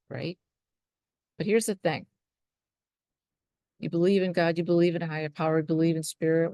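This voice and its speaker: Woman, spiritual coach, earnest motivational talk, gravelly, dry close sound. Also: deep voice, a little mellow, dry recording. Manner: earnest, coaching, asks viewers "right?".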